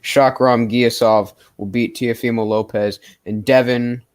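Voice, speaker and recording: A man with an ordinary mid-pitched voice chimes into a casual boxing livestream. His remarks are offhand and joking. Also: steady tone, a little slow, a little mellow, dry recording, studio quality.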